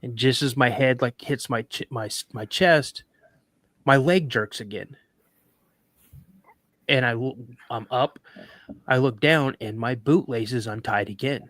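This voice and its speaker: A man telling a story as a guest on a talk show, building the scene vividly and stumbling over restarts as he goes. His voice sits at a middling pitch. The sound is dry and close, with no room echo. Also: unhurried, long pauses, fairly bright tone. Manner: vivid, dramatic retelling with stammered restarts.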